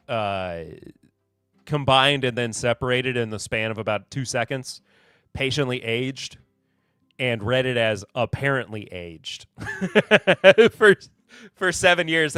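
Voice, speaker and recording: A man's voice: medium pitch, fairly bright tone, clear, resonant tone, dry recording, clean studio sound. Sarcastic man hosting a live whiskey podcast. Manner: rambling, sarcastic, self-deprecating. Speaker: podcast host. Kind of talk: casual live-stream whiskey chat.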